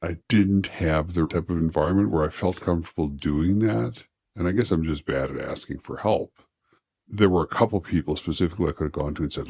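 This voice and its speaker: Man, very low voice, dry close sound; candid interview guest, thoughtful and halting. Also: darkish tone, no room sound. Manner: reflective, halting, with restarts.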